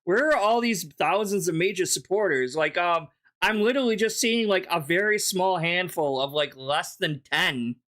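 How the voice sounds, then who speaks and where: A man rants through reaction commentary with blunt, profane dismissiveness. His voice sits slightly high for a man, and he talks loosely and casually. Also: normal speed, hardly any pauses, fairly bright tone. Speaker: commentary streamer.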